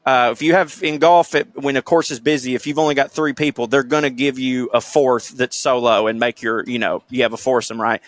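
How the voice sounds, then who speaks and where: A man with a Southern US accent co-hosting a podcast, talking in an animated, profane way as he tells stories. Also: medium pitch, fairly quick, few pauses, dry recording. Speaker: podcast co-host. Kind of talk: casual comedic chat.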